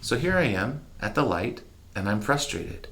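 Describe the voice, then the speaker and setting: A man speaking as an interview guest, telling candid, animated personal stories in a reflective conversational way. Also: on the low side, normal speed, creaky. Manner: candid, animated, mimics horn sounds.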